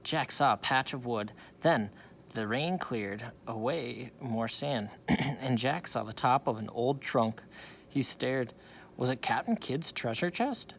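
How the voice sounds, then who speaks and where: A man's voice: mid-range voice, slow, gravelly, a little hiss or hum. A man reading a children's storybook aloud, with small slips he corrects as he goes. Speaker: reader.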